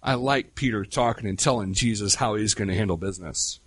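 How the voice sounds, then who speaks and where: A middle-aged man preaching a sermon in a conversational way, with rhetorical questions and slow, emphatic pauses. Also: lowish voice, fairly bright tone, slightly rough, dry recording. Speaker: pastor.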